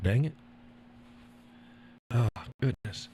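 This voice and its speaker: A man with a fairly low voice hosts a casual live stream, chatting to viewers. His talk is folksy and meandering, often broken up by chuckles. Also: expressive, normal speed, mellow, slight background noise. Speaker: live-stream host reading viewer chat.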